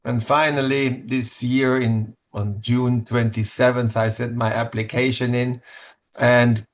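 A man's voice: mid-range voice, flat delivery, measured pace. A man in his fifties with a German accent talks as a podcast guest. His voice sits in the middle range, and he speaks in an easygoing, chatty way, with loose restarts and frequent laughter. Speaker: winemaker guest. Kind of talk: casual interview chat.

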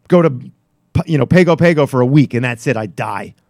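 Animated fifty-something New radio host. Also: male voice, medium pitch, fairly quick, no room sound, studio quality. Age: 50s. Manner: wry, self-deprecating, animated storyteller. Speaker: radio show co-host and newspaper writer. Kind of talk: casual radio banter. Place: radio studio.

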